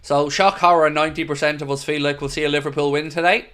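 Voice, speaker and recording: A man's voice: on the high side, steady tone, quick pace, a bit bright, clear, resonant tone. A man hosting a football fan livestream, chatting casually and answering viewers in an earnest, opinionated way. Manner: opinionated, earnest, talks straight to viewers with "mate". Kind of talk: casual livestream chat, reading viewer comments.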